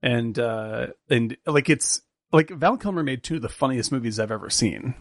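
A man co-hosts a movie review podcast, rambling casually with lots of fillers and jokes. His mid-range voice is expressive and moves at normal speed, captured in a dry, clean studio recording.

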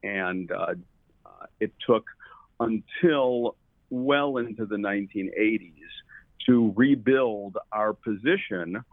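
A man's voice: fairly low pitch, takes it slowly, dry recording. A man speaking as a guest in an interview, rambling with many fillers and restarts. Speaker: guest commodities trader. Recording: tinny phone line.

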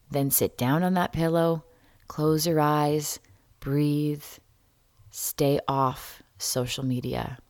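A woman hosting a solo podcast, talking candidly and wryly, jumping between loud jokes and quiet asides. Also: low voice, no room sound, clean studio sound. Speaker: podcast host.

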